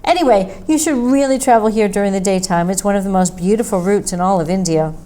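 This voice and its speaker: A woman's voice: mid-range voice, quick pace, mellow, close to an everyday voice. A woman voicing a thin, talkative male roadside traveler with a thick accent. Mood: wistful. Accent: thick put-on accent. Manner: chatty, folksy storyteller.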